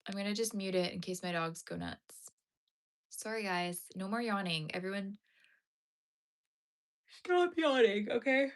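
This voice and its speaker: A woman's voice: mid-range voice, steady tone, normal speed, fairly bright tone, clear, resonant tone. A tired woman chatting casually with her live-stream viewers from home. She rambles with many fillers and keeps yawning. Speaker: crochet streamer. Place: home, talking to a live chat.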